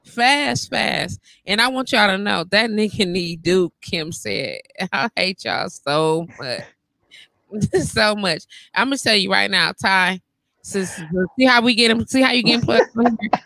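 A woman hosting a live-stream talk show from bed, teasing her guest and reading viewer comments aloud in loud, joking banter. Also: mid-range voice, lively intonation, a little slow, vocal fry, no echo. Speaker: livestream talk show host.

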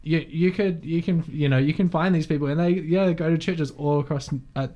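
Young New host, slightly high voice, chatty and heartfelt, lots of fillers. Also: male voice, fairly quick, mellow, muffled recording. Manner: chatty, many fillers, emotional storytelling. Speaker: podcast host. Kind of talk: casual podcast conversation.

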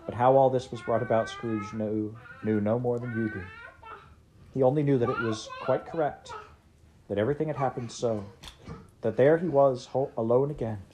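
A woman reading a classic story aloud, steady and expressive. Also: rumbling low, moderate pace, slight background noise. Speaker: audiobook reader. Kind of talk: scripted narration.

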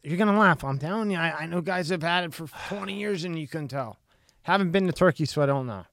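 A man hosting a loose podcast conversation, ribbing his guest and tripping over his own words. His voice sits a bit high for a man. It is recorded close and dry. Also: fast, gravelly, fairly bright tone, no room sound. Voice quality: jokey, stammers and restarts. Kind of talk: casual podcast chat.

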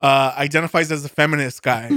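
A man's voice: fairly high pitch, fairly even intonation, quick pace, pushed and bright, dry recording, studio quality. A man co-hosting a podcast in casual chat, chiming in with short sarcastic quips. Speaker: podcast co-host.

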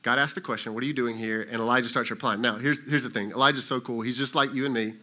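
A man's voice: mid-range voice, steady tone, fast talker, pushed and bright. A male lead pastor preaching a sermon in a casual, conversational way, sometimes acting out voices of God and Elijah.

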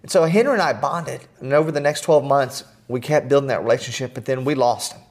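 A man's voice: mid-range voice, fast talker. Earnest middle-aged man telling stories. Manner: earnest, animated, self-deprecating humor. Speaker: guest. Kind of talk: storytelling in conversation.

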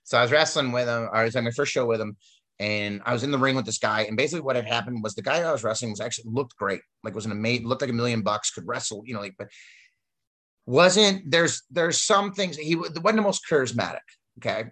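Male storyteller, mid-pitched, chatty and rambling, loads of fillers. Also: quick pace, fairly bright tone. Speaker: wrestler telling stories. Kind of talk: casual storytelling chat.

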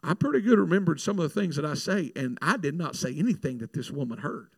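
Male preacher, testimony sermon, raised gravelly voice, animated storyteller, dry close sound. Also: a little high, quick pace, no echo. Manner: animated storytelling, repeats words. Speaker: minister praying at altars.

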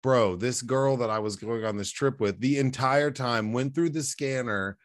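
A man's voice: mid-range voice, moderate pace, dry recording. A man hosting a casual podcast, telling profane, rambling stories full of restarts. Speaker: podcast host.

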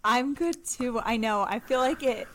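A woman's voice: on the high side, measured pace, fairly bright tone. A young adult woman from Colorado, co-hosting a podcast and telling stories in a bubbly, enthusiastic casual chat. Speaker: podcast co-host.

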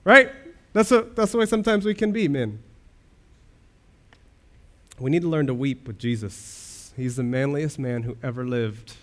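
Male pastor, mid pitch, earnest sermon delivery with emphatic questions. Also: unhurried, pauses often, darkish tone. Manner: earnest preaching with rhetorical questions and swells of emphasis.

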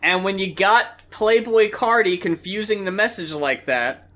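A man's voice: high-pitched, measured pace, pushed and bright. A man co-hosting a casual music review chat, emphatic and blunt, swearing freely. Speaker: music review podcast co-host.

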